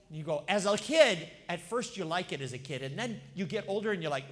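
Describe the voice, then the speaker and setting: A man in his fifties, a pastor, preaching a sermon in a lively, conversational way and putting questions to the congregation. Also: sits high, a little fast, hardly any pauses. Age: 50s.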